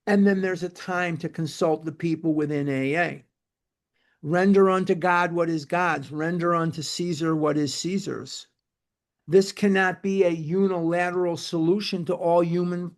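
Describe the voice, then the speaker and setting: A high-pitched man lectures a recovery-program book study group in an emphatic, repetitive style. At times he spells words out letter by letter.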